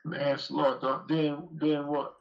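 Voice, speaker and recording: Guest: man with a raised, gravelly voice. Rambling, profane storyteller, heard on dull lo-fi audio. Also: a little high, flat delivery, unhurried. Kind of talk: casual storytelling interview.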